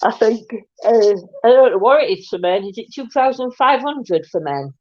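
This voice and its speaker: A woman's voice: fairly high pitch, expressive, moderate pace, dull audio. A woman hosting a casual live morning chat from her home, rambling on and greeting viewers by name. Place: at home, indoors.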